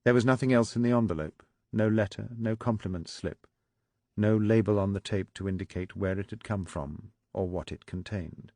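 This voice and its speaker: Deep-voiced male audiobook narrator. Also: normal speed, warm tone, no echo, studio quality. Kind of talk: scripted narration.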